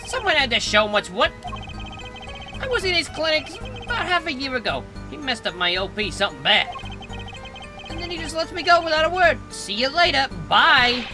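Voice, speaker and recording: A woman's voice: high-pitched, sing-song, normal speed, voice pushed up. Woman doing a swaggering young street tough. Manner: swaggering slang, boastful. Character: brash young male street tough, defendant. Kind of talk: reading a game script aloud. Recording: game music playing behind.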